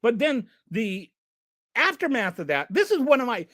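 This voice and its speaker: Sarcastic political ranting comes from an exasperated channel host whose sing-song, fairly bright voice moves at a moderate pace. The pitch ranges broadly, spiking in moments of frustration, and the close recording has no echo.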